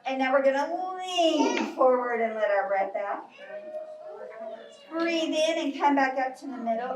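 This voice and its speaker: A woman's voice: sits high, lively intonation, unhurried, a crowd in the background. A woman leading a live yoga story class for children in a library, giving cheerful, coaxing instructions. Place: library program room. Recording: echoey room, from far off.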